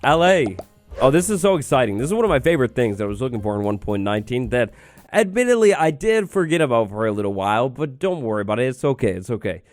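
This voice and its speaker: An excitable, upbeat man hosting a gaming video, giving gameplay commentary and chatting to the creature on screen. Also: medium pitch, fast talker, no echo, soft background music.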